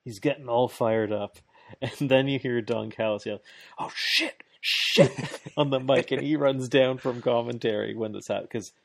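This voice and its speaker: Excited man recapping in a dry room. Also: medium pitch, moderate pace, gravelly, no echo. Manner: excited, laughs often, rambling play-by-play with restarts. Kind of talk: casual chat recapping a wrestling match.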